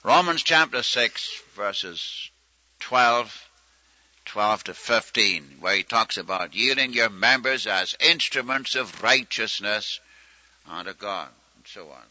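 A man's voice: fairly low pitch, lively intonation, slow pace, pushed and bright. A man preaching a sermon in a folksy, storytelling manner, acting out quoted prayers. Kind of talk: sermon teaching. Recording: muffled lo-fi recording.

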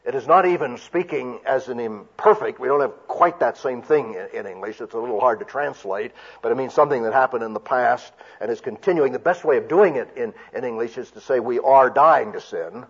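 A man works through a sermon, explaining each point carefully and often restarting his sentences. His voice is husky, and the recording sounds dull and lo-fi. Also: mid-range voice, brisk, few pauses. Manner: careful teaching with frequent restarts. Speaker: preacher. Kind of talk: expository sermon.

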